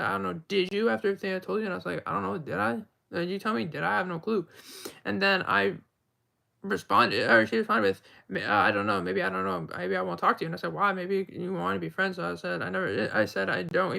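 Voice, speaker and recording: A man's voice: sits high, creaky, sharp tone. A man on a livestream, rambling through a retelling of text chats with "and I was like.".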